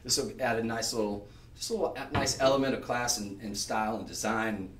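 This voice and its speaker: A man hosting a live shopping show, chatting on and piling up descriptive words as he pitches. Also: fairly even intonation, fairly quick, fairly bright tone, distant mic, slight background noise. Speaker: shopping channel host. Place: shopping channel studio. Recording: roomy sound, voice off-mic.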